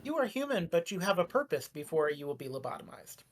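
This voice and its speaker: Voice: medium pitch, very animated, fast talker. A game master voicing a polite, cheerful robot guide who speaks matter-of-factly about grim things, in a tabletop role-play.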